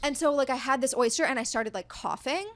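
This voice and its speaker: A chatty woman in her thirties tells a story as a podcast guest, her voice sitting a little high. She talks in an animated rush, filling her sentences with "like." The sound is close and dry, with no room around it. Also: a little fast, dry recording. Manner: chatty, heavy use of "like", animated retelling. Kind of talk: casual storytelling chat.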